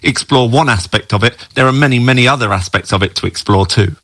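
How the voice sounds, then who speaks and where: A man's voice: mid-range voice, fast talker, a bit bright, dry recording. A middle-aged man, a screenwriter, giving thoughtful interview answers and repeating words as he thinks. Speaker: screenwriter of the series.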